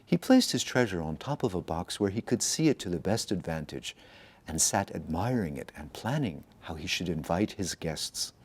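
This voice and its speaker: A man reading a fairy tale aloud, with expressive storytelling narration. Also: deep voice, moderate pace, husky. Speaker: institute director reading aloud. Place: institute in Tokyo.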